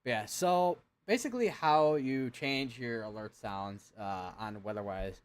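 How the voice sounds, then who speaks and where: A man's voice: medium pitch, a little slow, clear, resonant tone. A young man hosting a live severe weather stream, talking casually with lots of fillers and restarts as he checks radar and alerts at his computer.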